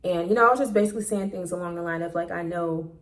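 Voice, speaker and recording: A woman's voice: lowish voice, racing, fairly bright tone. A woman vlogger telling a personal story in a casual monologue, candid and blunt, swearing freely, recorded on a phone.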